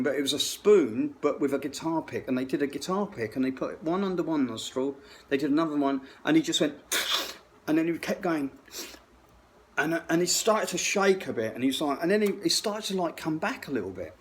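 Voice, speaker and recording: Give me a middle-aged man telling a rambling, profane story, slightly higher voice, with faint background noise. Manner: rambling, profane, full of restarts. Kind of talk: rambling anecdote.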